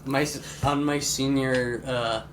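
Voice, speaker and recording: A man's voice: medium pitch, steady tone, takes it slowly. A young man co-hosting a casual podcast with his sister, rambling through stories with lots of fillers. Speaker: podcast co-host. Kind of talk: casual chat. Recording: faint background noise.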